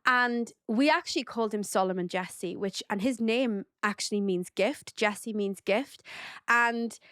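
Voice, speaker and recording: With a medium-pitched, smooth, slightly bright voice, a podcast host who is a mother tells a personal story at an unhurried pace. She's casual and heartfelt, using many fillers, and the recording is clean studio sound with no room echo.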